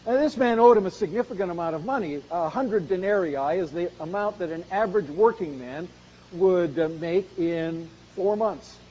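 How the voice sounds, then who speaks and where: A man preaching a sermon on a Bible passage, earnest, rising to loud emphasis and then dropping low. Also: normal speed, dull audio. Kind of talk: expository sermon.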